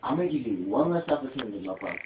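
A man's voice: medium pitch, sing-song, racing, a little hiss or hum. A man hosting a homemade comedy skit, bossy and self-pitying, talking in blustering bursts. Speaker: comedy show host playing the boss. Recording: dull tinny phone-like audio in an echoey room.

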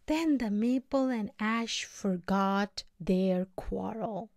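A woman reading a folk tale aloud as storybook narration, slow and expressive. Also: mid-range voice, no echo, studio quality. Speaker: reader.

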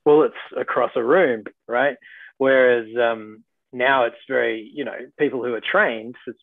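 A man's voice: medium pitch, steady tone, unhurried, creaky, dry recording. A chatty Australian actor talks through a thin, phone-like call line. The sound is dry and close, and his speech wanders with fillers and restarts. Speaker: actor guest. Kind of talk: casual video-call interview.

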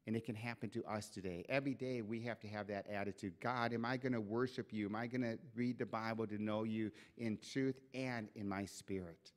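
A man preaching a church sermon, telling a scripture story with lively acted-out voices and asides. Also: lowish voice, a little fast, few pauses. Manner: animated storytelling, acts out quoted voices. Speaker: pastor. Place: church sanctuary.

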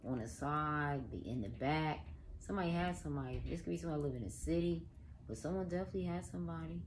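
A woman with a low voice runs a casual tarot reading. She is blunt and profane and keeps addressing the listener directly. A faint background noise sits under the recording. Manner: blunt, profane, emphatic, talks to viewer as "girl". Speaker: tarot reader.

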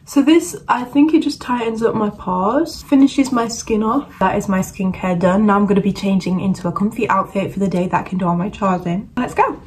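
A woman's voice: mid-range voice, a little fast, hardly any pauses, far from the mic, slight background noise, poor audio. A young woman from Yorkshire with a Yorkshire accent, chattily narrating each step of her routine in a casual get-ready-with-me vlog from her bedroom. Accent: Yorkshire English. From Yorkshire, England. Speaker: vlogger. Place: bedroom at home.

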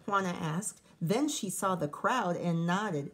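A woman teacher reading a storybook aloud to children, pausing to chat and ask them questions. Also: on the low side, animated. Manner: chatty, asks children questions.

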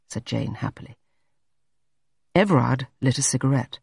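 An audiobook narrator tells a classic story in a lively voice that rises and falls a lot. The voice is a little husky, and the recording is dry and close. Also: medium pitch, unhurried, long pauses, no echo. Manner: expressive storytelling. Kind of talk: scripted narration.

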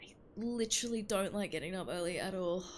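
A woman's voice: mid-range voice, normal speed. A woman in her twenties, a streamer chatting casually and playfully with her chat while playing a game, laughing often. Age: 20s. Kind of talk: casual gaming livestream chat.

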